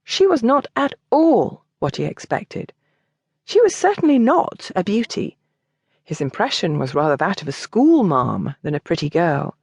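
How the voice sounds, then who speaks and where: Expressive woman reading an audiobook. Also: lowish voice, unhurried, creaky, breathy edge, dry recording, clean studio sound. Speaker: audiobook narrator. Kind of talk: scripted narration.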